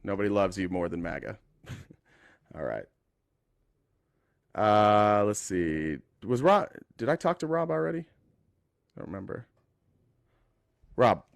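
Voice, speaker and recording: A man's voice: lowish voice, expressive, slow, creaky, long pauses, dry recording. A man hosting a call-in debate show, combative and sarcastic, pushing back on callers. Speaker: talk show host taking callers.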